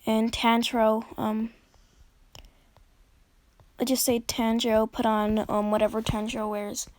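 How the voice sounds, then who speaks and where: A woman's voice: a little high, monotone, unhurried, a little mellow, slight background noise. A woman telling a fan story in a casual, rambling way, full of fillers and self-corrections.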